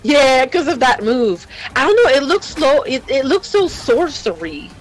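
A woman's voice: sits high, very animated, a little slow, rough recording. A woman commentating a fighting game tournament in a casual, hyped way, laughing often and using slangy speech.

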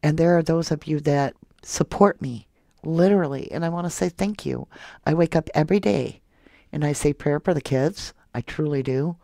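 A soft-spoken woman hosting a true crime livestream, reading viewer comments aloud and calling her viewers love and honey. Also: deep voice, normal speed, vocal fry, no room sound, studio quality. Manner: affectionate toward viewers, calls them love and honey. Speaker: true crime channel host.

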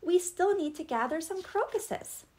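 A woman voicing a gentle, caring young queen in a storybook read-aloud, speaking earnestly. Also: very high voice, animated, a little slow, pitched above the performer's own voice.

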